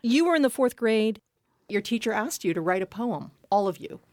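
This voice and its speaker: A woman's voice: fairly high pitch, expressive, moderate pace, darkish tone, dry recording. A woman hosting a podcast in a studio, telling jokes playfully and chatting with her guest. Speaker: podcast host. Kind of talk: casual interview chat.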